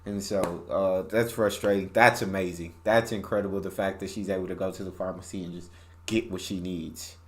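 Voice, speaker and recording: Low-voiced man reacting emphatically. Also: steady tone, fairly quick, slight background noise. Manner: emphatic, repeats phrases, gets heated. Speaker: reaction video host. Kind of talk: casual commentary.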